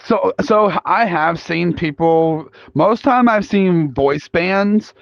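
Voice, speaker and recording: Young male panel host, gravelly and a bit high, halting casual talk, dull lo-fi sound. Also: no echo. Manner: halting, casual, many restarts. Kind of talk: live panel talk polling an audience. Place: convention panel room. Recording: dull lo-fi recording.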